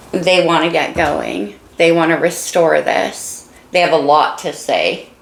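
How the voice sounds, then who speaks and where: Tarot reader, woman, low gravelly voice that is fading, emotional and encouraging, echoey room with faint hiss. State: losing her voice. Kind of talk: casual tarot reading.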